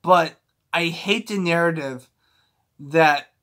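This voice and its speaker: A man with a somewhat high-pitched voice delivers a heated, profane rant straight to the camera. He sounds agitated and keeps circling back, repeating and restarting phrases as he pushes his point. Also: takes it slowly, bright, forceful tone. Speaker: sports fan vlogger.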